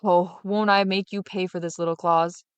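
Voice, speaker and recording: A woman's voice: lowish voice, level tone, normal speed, clear, resonant tone, dry recording, dull audio, lightly acted. A woman voicing a greedy, vengeful male farmer who speaks bluntly and grumbles. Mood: grudging.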